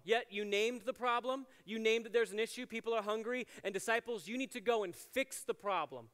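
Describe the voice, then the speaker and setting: His voice extremely high, clear, resonant and a bit bright, a chapel ministries director talks a little fast with few pauses. The sermon is casual and chatty, packed with "like" fillers and playful asides, recorded with long hall reverb in a university chapel.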